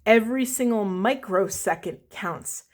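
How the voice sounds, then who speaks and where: A woman giving a spiritual tarot reading, talking in an earnest, rambling way with apologetic self-corrections while losing her voice. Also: medium pitch. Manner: slow emphatic repetition of key phrases. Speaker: tarot reader.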